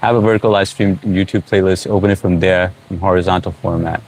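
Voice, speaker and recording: رجل بصوت عميق جدا يدردش في بث مباشر. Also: male voice, deep voice, quick pace. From United States. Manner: relaxed, reads out chat comments, frequent uh fillers. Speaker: livestream host. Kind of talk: casual live chat.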